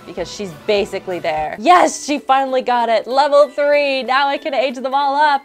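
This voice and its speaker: A young woman hosting casual gameplay commentary, chatty and excitable, narrating each step aloud. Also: sits high, a little slow, hardly any pauses, soft background music. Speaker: gaming YouTuber, host.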